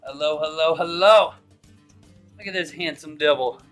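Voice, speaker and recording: A man's voice: a little high, normal speed, fairly bright tone, soft background music. A man hosting a live stream, chatting in a casual, upbeat and jokey way as he greets viewers by name.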